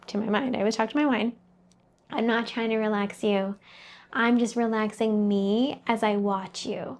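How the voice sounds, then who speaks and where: A woman's voice: a little high, steady tone, moderate pace. A woman talking as a mindset coach, giving an earnest, conversational motivational talk straight to the listener.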